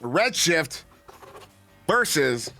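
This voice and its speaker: Goofy guy casting a vr esports match, super lively pitch, bright voice, music faint behind. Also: drawn-out words, vocal fry. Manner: goofy, rambling, excitable. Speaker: esports caster. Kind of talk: play-by-play commentary.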